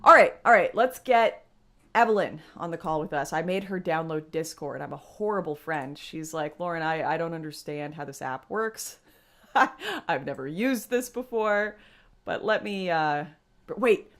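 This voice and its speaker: A woman's voice: fairly low pitch, expressive, measured pace, fairly bright tone. A young woman hosting a casual livestream, chatting to her viewers and laughing often. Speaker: livestream host.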